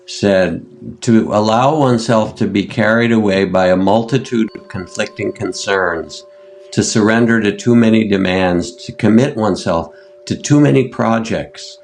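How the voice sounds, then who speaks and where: Older american guy, meditation teacher, deep raspy-ish voice, slow gentle interview talk. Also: faint music behind. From United States. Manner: gentle, unhurried, pauses with fillers. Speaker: meditation teacher, podcast guest.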